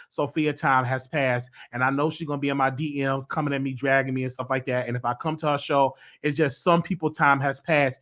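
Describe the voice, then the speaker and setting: A man hosting a celebrity gossip commentary show, talking emphatically and excitably, repeating himself. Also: on the high side. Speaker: host.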